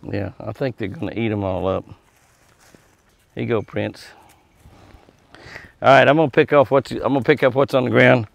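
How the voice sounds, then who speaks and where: A man's voice: medium pitch, steady tone, moderate pace, gravelly, long pauses. Folksy man coaxing deer. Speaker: deer ranch vlogger. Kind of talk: casual talk to animals and viewers. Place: outdoors at a deer pen.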